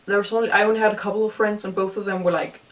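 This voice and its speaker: A woman's voice: medium pitch, fairly even intonation, rapid-fire. Rambling young woman, voice slightly distant. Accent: noticeable non-native accent. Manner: rambling, self-deprecating, frequent ums. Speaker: vlogger. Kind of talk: casual reaction vlog commentary.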